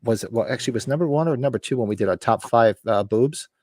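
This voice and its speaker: A man in his fifties hosting a podcast, talking in a relaxed, rambling way and often restarting his sentences. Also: medium pitch, fast, dry recording, studio quality. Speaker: podcast host. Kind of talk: casual chat.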